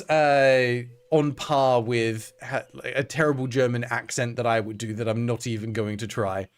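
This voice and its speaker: A male streamer giving dry, sarcastic commentary while playing a game. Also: medium pitch.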